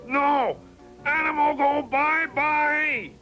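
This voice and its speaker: A high, shouty baby monster in a storybook, stubborn and wild, yelling choppy little phrases slow and stretched out, with soft music behind. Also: male voice, fairly even intonation, heavily acted. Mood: stubborn, shouting. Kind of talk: storybook character voice.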